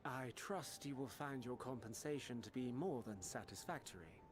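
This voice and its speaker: An actor playing a formal, courteous man in a game cutscene, with measured, polished delivery. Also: medium pitch, animated, slightly rough. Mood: composed.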